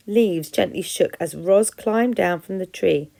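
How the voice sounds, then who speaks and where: A teacher from England reading a children's story aloud with expression. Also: female voice, fairly low pitch, normal speed, creaky, hardly any pauses, mellow.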